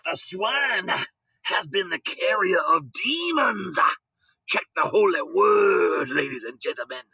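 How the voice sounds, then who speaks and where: A man voicing an indignant preacher who declaims slowly and loudly with a trembling voice. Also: lively intonation, gravelly, slightly rough, no room sound, heavily acted. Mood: outraged. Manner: booming, slow, preachy declaiming.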